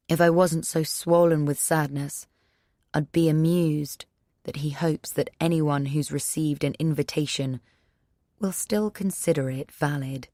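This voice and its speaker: Slow low-voiced woman narrating. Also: a little mellow, dry recording, clean studio sound. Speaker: audiobook narrator. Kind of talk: first-person scripted narration.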